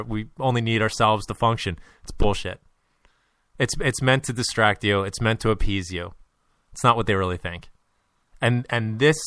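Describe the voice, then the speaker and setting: A man's voice: mid-range voice, bright, forceful tone, dry recording, clean studio sound. A man hosting a podcast, talking in a blunt, profane, ranting way and joking between points. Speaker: podcast host. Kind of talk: casual chat.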